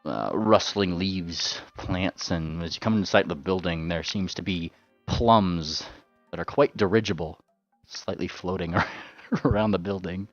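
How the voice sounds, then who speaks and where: A man's voice: deep voice, moderate pace, no echo, soft background music. A man running a tabletop game as game master, rambling with lots of fillers and repeated words. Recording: dull lo-fi sound.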